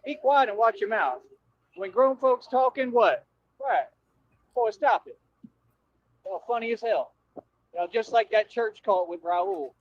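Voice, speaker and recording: A man's voice: high voice, animated, a little slow, pauses often, no echo. A man on a livestream delivering a confrontational, slangy rant at his viewers, repeating himself as he goes. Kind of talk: ranting livestream monologue. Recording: dull dry livestream audio.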